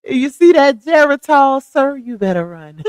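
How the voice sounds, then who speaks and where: A woman's voice: sits high, sing-song, moderate pace, no room sound, rough recording. A middle-aged woman hosting a casual live-stream gossip chat. She reads viewer comments aloud and reacts with sassy slang, laughing often. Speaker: livestream host reading chat comments.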